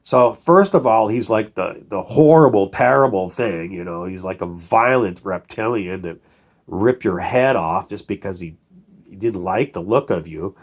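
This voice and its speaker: A producer with a lowish voice speaks unhurriedly in a casual monologue. He digresses, loses his train of thought, and uses many fillers.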